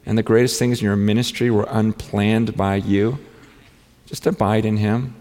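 A man preaching a sermon as pastor, earnest and repetitive, often halting and restarting his phrases. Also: fairly low pitch, fairly even intonation, darkish tone. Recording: long hall reverb.

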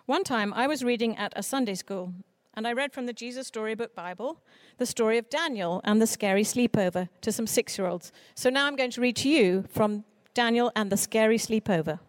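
A woman who writes children's books, giving an earnest, expressive talk on writing for children. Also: on the high side, brisk, hardly any pauses, no room sound, clean studio sound. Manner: earnest, expressive speaker with mock voices for quoted people. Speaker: children's author. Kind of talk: conference talk.

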